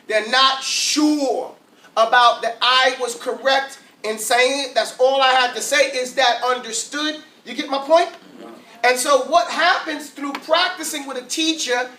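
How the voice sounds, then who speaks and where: A man with a high, bright voice leads an Arabic class, asking the group questions and having them repeat sounds after him. He stands well away from the microphone, and the classroom rings with echo. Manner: lively, asks the class questions, drills sounds aloud. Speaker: Arabic teacher. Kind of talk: classroom teaching. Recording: roomy classroom, mic far off.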